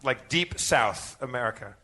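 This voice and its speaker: Prodding host, bright tense voice, lively pitch, keeps restarting. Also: male voice, a little slow. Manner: prodding, stammering cues to guests. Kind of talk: live comedy podcast hosting.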